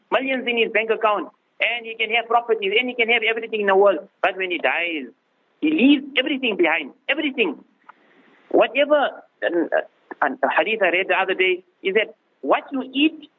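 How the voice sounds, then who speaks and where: A man giving an informal religious talk as a mufti, repeating words and restarting phrases for emphasis. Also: sits high. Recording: lo-fi radio broadcast, phone-like band.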